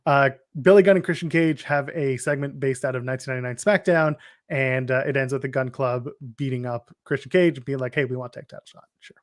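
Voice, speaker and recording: A man's voice: medium pitch, a little fast, no room sound, clean studio sound. A man co-hosting a wrestling podcast, recapping matches in a wry, joking, rambling way. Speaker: podcast co-host. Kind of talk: casual wrestling chat.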